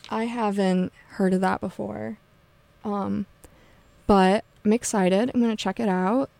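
A woman's voice: medium pitch, gravelly, a little mellow, no echo. A young woman hosting a college radio show, talking loosely and casually with lots of fillers. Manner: chatty, loose, many fillers and "like"s. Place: radio studio.

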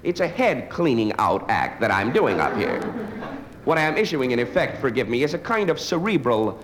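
In a noisy live club recording, a male comic works through a dry, rambling set and trades banter with the audience. He speaks at normal speed in a mid-range, sing-song voice.

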